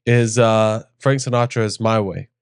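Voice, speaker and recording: Young male co-host, low clear voice, jokey storyteller, dry close-miked sound. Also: fairly even intonation, unhurried, dry recording. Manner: joking storyteller, acts out voices. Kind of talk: casual chat.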